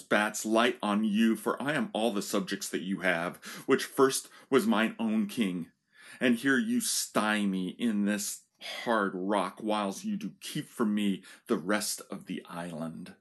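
A man reading the part of a bitter, resentful male island native, reciting verse slowly and deliberately. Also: on the low side.

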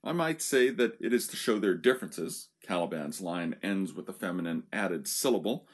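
A man's voice: deep voice, expressive, normal speed. A man giving a casual analytical talk on poetic meter, informal with little asides. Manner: informal, with asides like "you know" and "so yeah". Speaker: literature lecturer.

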